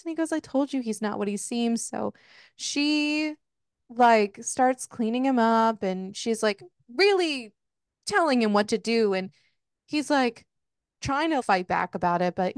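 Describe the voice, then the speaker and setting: A woman's voice: a little high, expressive, measured pace, smooth, no room sound, clean studio sound. A woman co-hosting a podcast, chatting casually and animatedly retelling scenes by acting out the dialogue. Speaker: podcast co-host. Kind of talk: casual book discussion.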